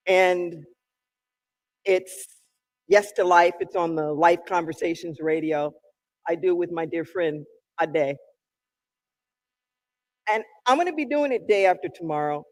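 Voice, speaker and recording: A minister preaching a sermon with emphatic delivery, drawn-out key words and sudden loud calls. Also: medium pitch. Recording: long reverb in a large hall.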